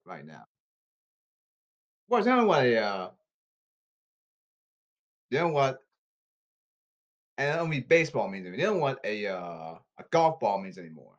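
A man hosting a solo podcast, ranting with exasperation and repeating himself, his pitch leaping and his loudness swinging. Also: normal speed, pauses often. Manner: animated, erratic pitch leaps and volume swings. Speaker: podcast host.

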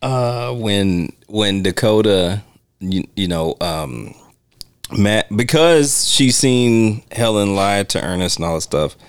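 A man hosts a laid-back film podcast, his pitch swinging widely as he talks. He laughs often and jumps high to mimic movie lines. The sound is close and dry. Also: animated, slow pace, smooth, dry recording. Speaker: podcast host. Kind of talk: casual film commentary chat.

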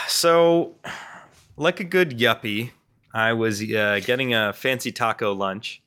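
A young man co-hosting a podcast who tells a story in an animated, casual way, full of fillers and swearing. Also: mid-range voice, slow pace, clean tone. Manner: animated and profane, with frequent fillers. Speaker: podcast co-host.

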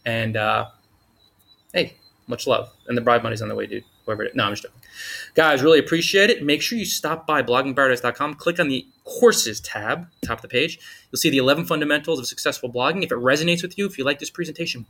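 A man's voice: mid-range voice, fast, gravelly, sharp tone. A man giving an upbeat, informal motivational talk on blogging, full of slang and enthusiasm. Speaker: blogging coach.

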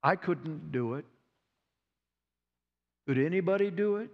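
Slow, dramatic preacher in an echoing hall. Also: male voice, fairly high pitch, lively intonation. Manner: dramatic retelling with repeated phrases and pauses. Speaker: pastor. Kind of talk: sermon. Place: church sanctuary. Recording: dull sound with long hall reverb.

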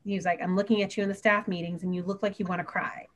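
A woman teacher chatting on a podcast, earnest and open, her speech running on in long unbroken stretches. Her voice sits at an ordinary middle pitch. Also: flat delivery, very fast. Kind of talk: casual podcast chat.

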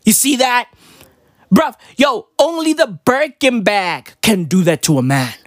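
A man's voice: very high voice, animated, measured pace, dry recording, studio quality. A young man ranting in a brash, profane, slangy stand-up comedy style.

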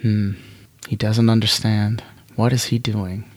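A man narrating a solo science fiction tabletop game, with relaxed chatty asides. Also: on the low side, measured pace, dry recording.

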